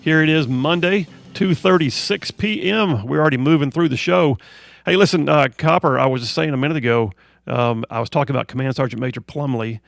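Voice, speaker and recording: Male talk radio host, gravelly voice, dry studio mic, emphatic, builds points through repetition. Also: on the high side, fairly quick, no room sound. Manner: emphatic, repeats phrases for emphasis. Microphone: studio microphone.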